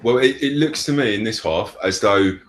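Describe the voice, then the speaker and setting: A man breaking down a football match in casual analysis on a fan watch-along, relaxed with lots of ums. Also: fairly low pitch, moderate pace, roomy sound.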